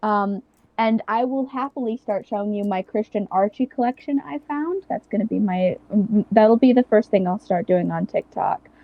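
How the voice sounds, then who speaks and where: A woman's voice: medium pitch, moderate pace, highs cut off. A woman co-hosting a casual chat podcast, talking hesitantly with many fillers. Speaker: podcast co-host.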